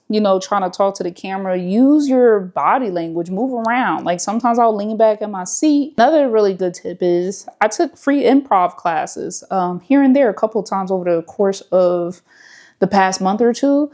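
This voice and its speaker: Woman vlogger, seated, casual talk to camera, relaxed, slangy, chatty. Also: medium pitch. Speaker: YouTuber. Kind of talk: casual talking-to-camera advice.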